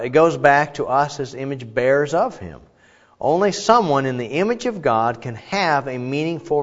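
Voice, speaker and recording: A male pastor gives a casual, humorous sermon, often pausing on fillers between points. His voice sits at an ordinary middle pitch. The recording sounds muffled and rings with the long reverb of a large church hall. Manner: chatty and joking, frequent fillers. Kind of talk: conversational sermon. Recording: echoey hall, dull sound.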